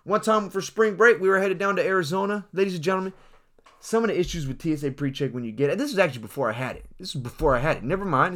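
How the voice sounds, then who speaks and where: A man's voice: fairly high pitch, fairly bright tone. A young man delivering a swaggering, mock-serious comedic monologue, talking straight to his audience. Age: young adult. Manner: hyped, swaggering, addresses the audience directly. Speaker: comedic speaker.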